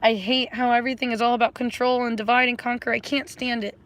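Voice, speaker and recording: A woman's voice: on the high side, little pitch movement, fast talker, a bit bright. A woman chatting casually to livestream viewers, rambling and effusive, repeating affectionate phrases and slipping into spiritual pep talk. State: emotional, close to tears. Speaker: livestreamer offering readings.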